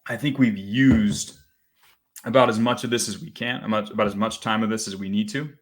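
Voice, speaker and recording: A man's voice: fairly low pitch, fairly even intonation, a little fast. A man from the Rocky Mountain region of the US hosting a morning motivational call, telling a story in a conversational way with frequent asides and restarts. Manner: conversational, repeats "right?", restarts phrases.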